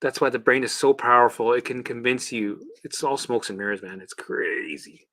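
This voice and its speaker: A man hosting a casual livestream, coaching viewers through exercises in an animated, chatty way with the odd swear word. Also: medium pitch, a little fast. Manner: guides listeners through exercises. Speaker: host and recovery coach.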